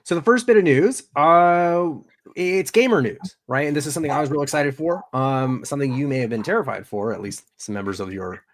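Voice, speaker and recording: A man's voice: a little high, brisk. A man co-hosting a live pop culture show, dropping dry quips and then reading out the news. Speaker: co-host.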